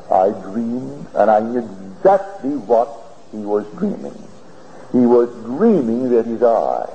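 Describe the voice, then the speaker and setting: A man giving a spiritual lecture, telling his story in an earnest, deliberate way, heard on an old archival tape. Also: medium pitch, animated. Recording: old archival lecture tape, dull and hissy, in a reverberant hall.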